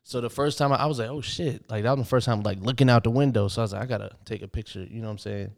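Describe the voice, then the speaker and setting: A man's voice: mid-range voice, racing. A man co-hosting a casual podcast chat, trading laid-back, laughing banter. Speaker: podcast co-host.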